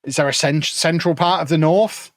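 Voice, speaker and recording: A man's voice: a little high, normal speed, no echo. Chatty streamer man, dry close sound. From Peterborough, England. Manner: chatty, joking, answering chat. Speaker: livestreamer playing a football management game. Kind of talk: casual live-stream chat.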